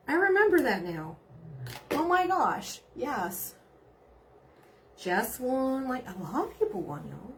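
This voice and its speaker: A woman's voice: high voice, very animated, slow pace, pauses often, a little hiss or hum. A middle-aged woman, chatting casually on a live stream and reading out viewer comments, bubbly and giggly. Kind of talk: casual chat.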